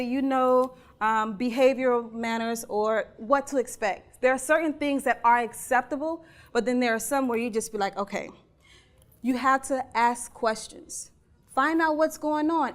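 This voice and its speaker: A woman giving a conversational keynote talk, earnest and animated, putting questions to her audience. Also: high-pitched. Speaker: keynote speaker.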